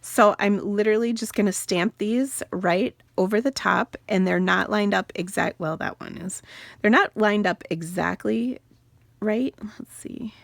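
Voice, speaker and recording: A woman's voice: medium pitch, gravelly, dry recording. A woman in her forties hosting a casual card-making tutorial, chatting and telling rambling family stories with laughing asides as she works. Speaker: card-making channel host.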